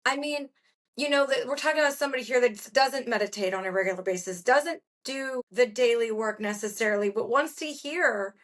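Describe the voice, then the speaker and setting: Woman, bright higher voice, podcast host, frank and chatty, asks blunt questions. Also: fairly quick. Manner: frank, blunt, uses fillers like "like". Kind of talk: casual chat, asking questions.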